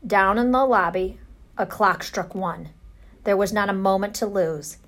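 Woman reading a kids' story aloud, nice and slow, gentle. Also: medium pitch. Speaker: narrator.

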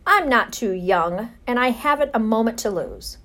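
A woman's voice: on the high side, lively intonation, moderate pace, a bit bright. A woman voicing a brave, dramatic young boy mouse in a storybook reading, earnest and solemn.

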